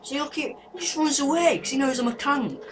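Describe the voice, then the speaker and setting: A man's voice: very high voice, fairly quick. A young man commentating a horror game, jumpy and nervous, screaming at scares and taunting the monster. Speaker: gaming YouTuber. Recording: noisy home recording.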